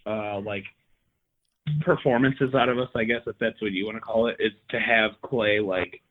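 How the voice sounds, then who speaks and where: Rambling guitarist over a tinny phone line. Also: male voice, on the low side, fairly even intonation, normal speed. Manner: rambling, repeats himself, lots of "like". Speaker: band member, guitarist. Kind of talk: casual interview chat.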